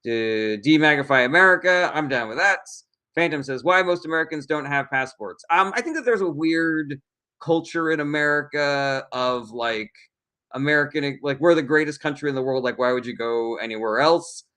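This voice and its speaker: A man's voice: fairly high pitch, normal speed, pushed and bright. A man answers questions from his live chat in a blunt, casual way, reading each message aloud before he replies.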